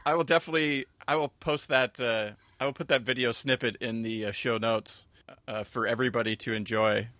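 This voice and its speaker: Bright-voiced man rambling casually. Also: medium pitch, steady tone, a little fast, dry recording. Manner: rambling, self-correcting, chuckles often. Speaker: podcast co-host. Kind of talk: casual chat.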